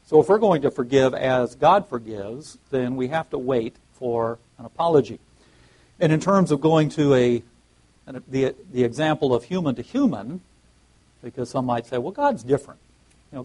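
A man's voice: mid-range voice, darkish tone, rough recording. A man preaching a sermon and reading scripture aloud, often restarting his phrases and rising emphatically on key words.

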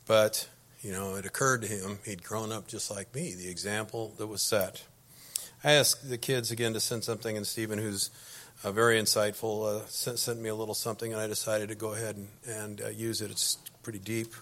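A man's voice: on the low side, flat delivery, brisk, a bit bright. Middle-aged man, preacher. Easygoing storytelling sermon to a congregation, with frequent false starts. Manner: folksy and anecdotal, with frequent restarts. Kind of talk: conversational sermon.

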